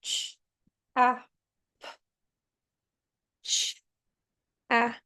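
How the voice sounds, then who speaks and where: A woman's voice: extremely slow, sharp tone, no room sound, low-quality recording. A woman with an Australian accent, a student carefully sounding out words in a phonics lesson.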